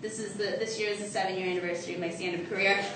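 A woman's voice: medium pitch, fairly even intonation, racing, heavy reverb, distant mic, background noise. A woman in her twenties doing a self-mocking stand-up comedy set. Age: 20s.

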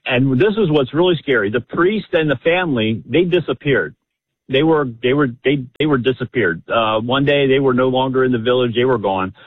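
A man rings a radio show and tells a family story, eager and rambling and heavy on fillers. His mid-range voice is animated and moves at normal speed; the phone line is tinny, with no room sound.

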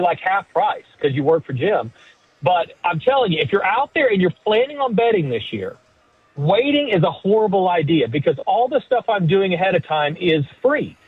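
A middle-aged man calling in to a sports radio show, rambling, joking about himself and pitching his picks. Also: husky, no room sound. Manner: rambling, self-mocking, salesy. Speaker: sports betting guest. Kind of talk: casual radio call-in chat. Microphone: phone line. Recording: tinny dry phone line.

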